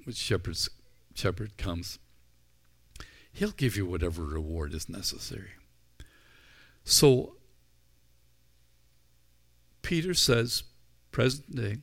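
A middle-aged male pastor preaching a sermon, retelling scenes in a storytelling way and acting out the voices. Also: lowish voice. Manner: storytelling, acts out the disciples' voices.

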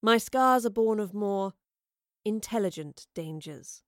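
A woman's voice: mid-range voice, measured pace, no echo, close to an everyday voice. A woman voicing a mysterious soothsayer woman who talks in formal riddles with dry sarcasm, in a dry close recording. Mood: cryptic, dry. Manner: calm, riddling, formal speech.

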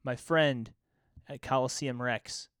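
A man co-hosting a podcast in casual chat, telling animated stories and swearing freely. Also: medium pitch, slow, smooth, no room sound, studio quality. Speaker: podcast co-host.

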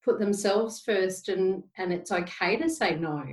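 A woman in her forties speaking gently and reflectively in a casual podcast chat, telling stories. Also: medium pitch, measured pace. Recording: roomy echo, distant from mic.

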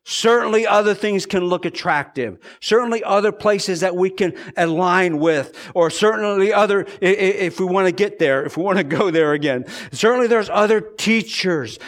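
A pastor preaching an earnest sermon, repeating phrases for emphasis and moving between slow, deliberate stretches and quick bursts. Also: male voice, a little high.

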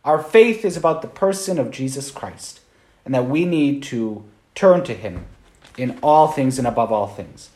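A man's voice: mid-range voice, lively intonation, a little slow, warm tone, echoey room. A man, a Catholic priest, giving an informal Sunday homily in a conversational way, often checking in with "right?".

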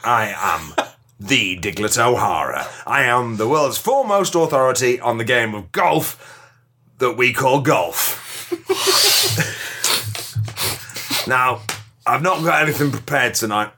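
Man voicing a pompous know-it-all golf expert, bright and animated, rambles and swears. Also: medium pitch, takes it slowly, long pauses, a little hiss or hum, full character voice. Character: blustering self-styled male golf expert. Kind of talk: improvised comedy character.

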